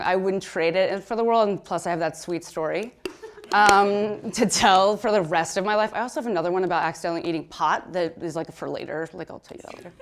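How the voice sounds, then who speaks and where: A woman in her thirties telling a comic story on stage, excitable and chatty, filling her talk with "like" and laughing through her words. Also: fairly low pitch, a little hiss or hum. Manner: excitable and chatty, heavy use of "like". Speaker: speaker at a conference talk.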